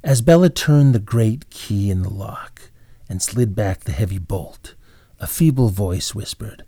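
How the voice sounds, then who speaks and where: A man narrating an old tale in a measured, dramatic way. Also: on the low side, lively intonation, mellow, breathy edge, dry recording, studio quality. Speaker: storyteller. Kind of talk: scripted narration.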